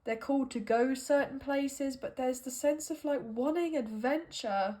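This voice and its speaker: Slow, musing woman reading tarot. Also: high-pitched, dark tone. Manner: musing and hesitant, thinking aloud with many fillers. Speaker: tarot card reader. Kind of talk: intuitive tarot reading monologue.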